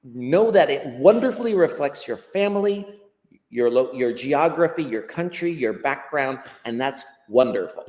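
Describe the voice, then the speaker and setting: A man's voice: medium pitch, expressive, moderate pace, a little mellow, in a large hall. An American man, an ESL teacher, explaining pronunciation encouragingly as a guest on a live-stream video call. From United States. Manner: encouraging, explanatory, acts out quoted remarks. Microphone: laptop webcam on a video call.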